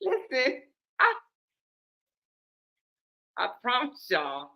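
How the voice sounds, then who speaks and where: High-voiced woman host, aave, laughing so hard she's crying, dramatic, talking to y'all. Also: huge pitch swings, extremely slow, vocal fry, pushed and bright. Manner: laughing through tears, dramatic, addresses audience as y'all. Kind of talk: casual commentary to viewers.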